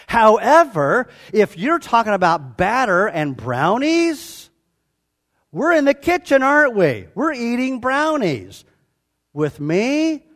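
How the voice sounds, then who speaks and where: A man in his sixties preaching a sermon to a congregation, animated and joking with them as he teaches. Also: high voice, slow. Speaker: pastor. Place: church before a live congregation.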